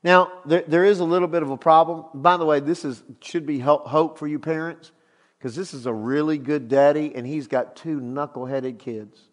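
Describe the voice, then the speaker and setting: A middle-aged man preaching a sermon as a pastor, emphatic and animated as he retells a story. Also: a little high, moderate pace. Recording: long hall reverb.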